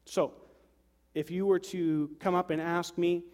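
A man's voice: high voice, flat delivery, a little slow, a little mellow, in a large hall. A man in his thirties, a pastor giving a sermon to a congregation in a church, talking in a conversational way with joking asides.

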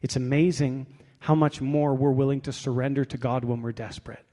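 A man's voice: mid-range voice, level tone, fairly quick, warm tone. A man pastor preaching a sermon in a conversational, wry way, reading scripture aloud in a church. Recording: long hall reverb.

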